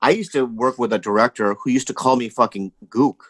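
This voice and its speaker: A man's voice: medium pitch, fairly quick, a bit bright, no echo. A man guest on a comedy podcast, telling rambling stories in casual chat and saying "you know what I mean" often.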